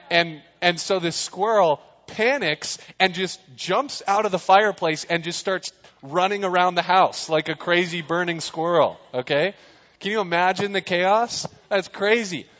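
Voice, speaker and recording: A man's voice: high voice, moderate pace, fairly bright tone. A man giving a casual sermon to a young crowd, chatty and jokey, often throwing questions at the listeners. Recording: dull sound in a reverberant hall.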